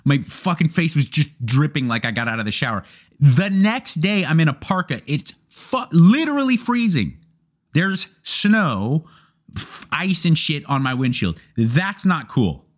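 A man's voice: fairly high pitch, a little slow. A young man hosting a casual question-and-answer chat, candid and joking, swearing freely as he reads and answers viewer questions. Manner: candid, profane, animated and joking.

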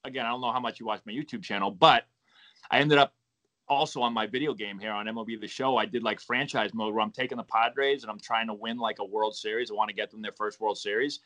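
A middle-aged man from Massachusetts with a softened Boston accent, chatting casually as a podcast guest, easygoing and rambling with lots of fillers. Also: fairly low pitch, fairly even intonation, fast. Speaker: podcast guest, former ballplayer and coach. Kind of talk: casual interview chat.

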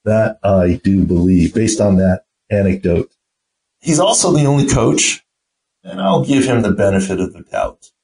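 A man's voice: fairly low pitch, lively intonation, a little slow, vocal fry, darkish tone, low-quality recording. A middle-aged man, a podcast host and team doctor, telling an anecdote in a casual way and acting out the quoted voices. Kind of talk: casual storytelling.

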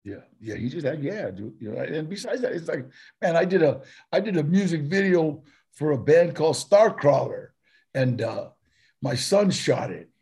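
A man's voice: fairly high pitch, lively intonation, moderate pace, a little mellow, breathy edge. An older man, telling stories as a guest in a casual interview, rambling and laughing. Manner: rambling, laughing, full of "you know" and "man". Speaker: guest actor.

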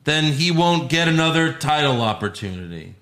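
A man's voice: a little high, sing-song, normal speed, fairly bright tone, reverberant. A man co-hosting a casual wrestling podcast, recapping matches with swearing and playful mock quotes. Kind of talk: casual chat.

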